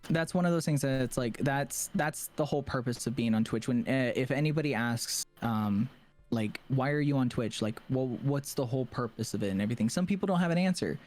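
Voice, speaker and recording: A young man, a streamer guest in a casual interview, talking in a halting way with many fillers and restarts. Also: medium pitch, a little mellow, soft background music.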